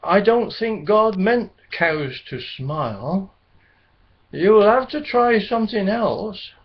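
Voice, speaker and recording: A man's voice: sits high, expressive, slow pace, pitched above the performer's own voice, exaggerated voice. Billy Blackbird, a man voicing a cheerful little bird. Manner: cheerful, gently encouraging. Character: cheerful helpful little blackbird, male, kindly. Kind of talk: children's storybook reading. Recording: dull lo-fi recording.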